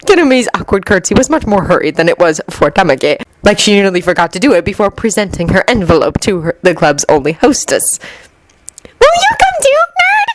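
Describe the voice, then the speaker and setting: A woman narrating a fanfiction story in an expressive, lively reading. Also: fairly low pitch, fast talker, hardly any pauses, dry recording. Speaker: fanfiction reader. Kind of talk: audiobook narration.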